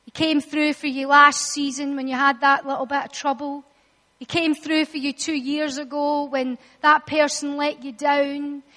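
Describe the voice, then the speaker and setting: A woman preaching a sermon, telling the story dramatically and acting out the voices, rising at times to shouts. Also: sits high, flat delivery, normal speed. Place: church hall. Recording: long reverb of a large hall.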